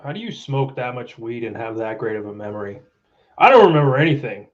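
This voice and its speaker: A man's voice: mid-range voice, lively intonation, a little fast. Man in loose profane banter, lo-fi. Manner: loose, swearing, laughs often. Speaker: podcast guest, former contractor coworker.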